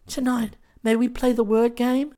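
A man's voice: very high voice, flat delivery, unhurried, dark tone, voice pushed up. A man voicing a small, sweet and dreamy little girl in a storybook reading, in an eager, sing-song child voice.

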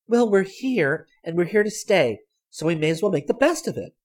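A spunky, self-sufficient young woman in a storybook reading, put on by a man. She talks briskly and decisively, her voice raised high above his own and swinging widely. A husky edge runs under it. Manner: lively, decisive, matter-of-fact.

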